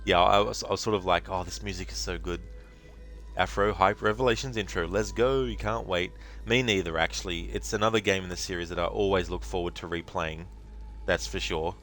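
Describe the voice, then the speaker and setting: A man's voice: deep voice, fairly even intonation, brisk, fairly bright tone, soft background music. A man streaming a game live, chatting casually and rambling with plenty of fillers while thanking his viewers.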